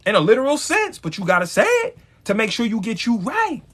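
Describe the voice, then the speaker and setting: Man, high voice, bright and sharp, preachy, blunt, talks straight to viewers. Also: wildly swooping pitch, fast talker, breathy edge. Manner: emphatic, preachy, blunt with profanity; addresses viewers directly. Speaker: live-stream host. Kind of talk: motivational live-stream talk.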